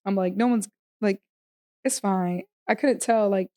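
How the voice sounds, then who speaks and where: A woman's voice: medium pitch, a little slow, no room sound, studio quality. A woman co-hosting a podcast, telling a story in casual chat and acting out the quotes. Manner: animated storyteller who acts out quotes. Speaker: podcast co-host.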